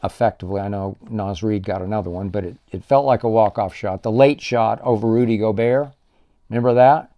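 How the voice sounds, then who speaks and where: A man's voice: lowish voice, steady tone, fairly quick, warm tone. An older man hosting a sports talk show, delivering an emphatic solo commentary that stacks up punchy superlatives.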